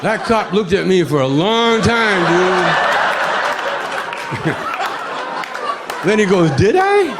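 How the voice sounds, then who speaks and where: Older male stand-up comic, laid-back and rambling, higher voice, live record with a loud audience. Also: drawn-out words, pauses often, a loud crowd, heavy background noise. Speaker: stand-up comedian. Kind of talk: stand-up comedy storytelling.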